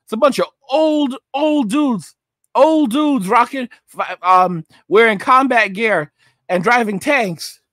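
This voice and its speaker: A man's voice: very high voice, takes it slowly, fairly bright tone, no echo, studio quality. A man hosting a commentary livestream, ranting emphatically, repeating his points, and often checking in with "all right?". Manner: slips into mocking put-on voices. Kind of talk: ranting commentary, reading viewer chat.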